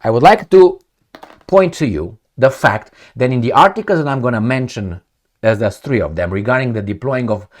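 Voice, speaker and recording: Angry ranting man with lively pitch. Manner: profane, addresses viewers directly. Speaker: political commentator. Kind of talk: solo commentary reading news articles.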